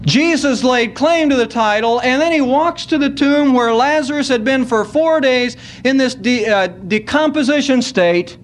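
A man preaching a sermon at a church service, earnest and unhurried, slowing down to stress key words. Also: extremely high pitch, a little hiss or hum. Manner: earnest, slows down to stress scripture.

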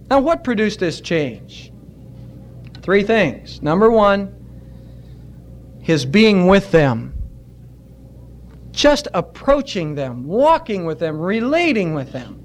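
High-voiced earnest preacher man. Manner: earnest exhorting preacher, slows for emphasis. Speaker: pastor. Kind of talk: sermon. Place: church.

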